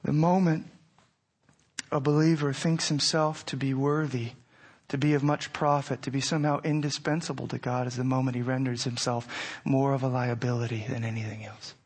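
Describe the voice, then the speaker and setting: A man preaching a sermon with passion, swinging from hushed, whispered lines to near-shouting peaks. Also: mid-range voice, fairly even intonation, normal speed, breathy edge.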